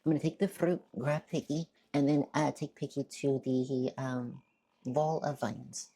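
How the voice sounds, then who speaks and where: A woman's voice: a bass voice, steady tone, a little slow, dark tone, slightly rough. A woman streamer chatting casually through a game, talking while she eats. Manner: chatty, talks while eating. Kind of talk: casual let's-play chat.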